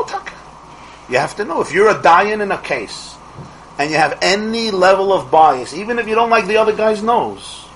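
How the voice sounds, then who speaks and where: A middle-aged man teaching a Torah class as a rabbi, asking rhetorical questions and restarting his phrases quickly. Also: sits high, lively intonation, a bit bright, a little hiss or hum, poor audio.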